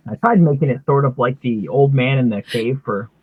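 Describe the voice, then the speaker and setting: Man, casual chat, relaxed storyteller, mid pitch, dry tinny phone-like audio. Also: normal speed, husky, no echo. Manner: relaxed storyteller, lightly acting out characters' lines. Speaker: artist co-host. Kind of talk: casual chat, reading out comic dialogue.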